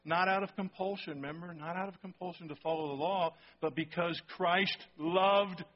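A man preaching in church with a slightly high voice, talking to his congregation like a conversation. He often checks in with "okay?" and "right?" The sound is dull and lo-fi. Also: steady tone, moderate pace. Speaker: pastor. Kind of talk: sermon.

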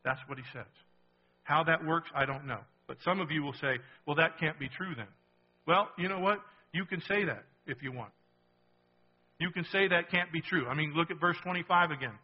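A man's voice: on the high side, moderate pace, husky, big-room sound, muffled recording. A man preaching a sermon as pastor, emphatic and repetitive, often checking in with the congregation.

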